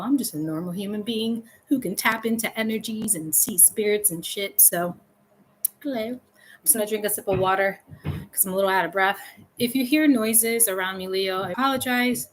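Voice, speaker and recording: A woman's voice: mid-range voice, fairly quick, poor audio. A woman giving a casual tarot reading to camera at home, chatty and informal with loose fillers. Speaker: tarot reader. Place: room at home with a fan. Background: faint renovation noise from upstairs.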